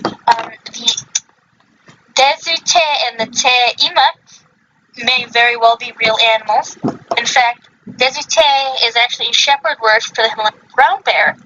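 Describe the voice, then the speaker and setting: A woman's voice: on the high side, measured pace, sharp tone, dull audio, slight background noise. A woman hosting a podcast in casual chat, rambling with many fillers and self-corrections. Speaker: podcast host.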